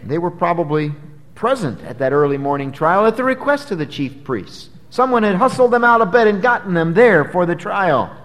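Emphatic preacher, high lively voice. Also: male voice, normal speed. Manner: emphatic, dramatic rises and drops in pitch and volume. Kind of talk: expository sermon. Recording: long hall reverb.

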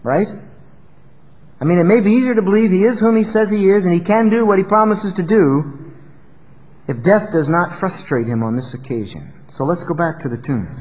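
A male pastor preaching a sermon in an emphatic style, rising to loud peaks and dropping low. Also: animated, normal speed, in a large hall, muffled recording.

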